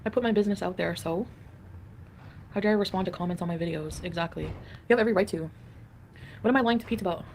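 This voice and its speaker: A woman's voice: fairly low pitch, fast, long pauses, darkish tone. Chatty woman livestreaming with faint background hum. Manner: chatty and rambling, answers the chat aloud. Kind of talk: casual livestream chat, reading viewer comments.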